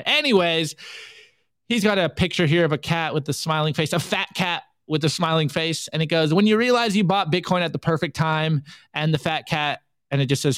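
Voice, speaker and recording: Chatty male host with a smooth voice. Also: on the high side, fairly bright tone, dry recording. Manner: chatty, reading memes aloud with quick asides. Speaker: show host. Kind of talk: casual livestream commentary.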